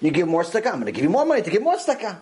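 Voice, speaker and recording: A man giving a lively religious lecture as a Torah teacher, repeating phrases for emphasis and acting out quotes. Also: sits high, racing, poor audio.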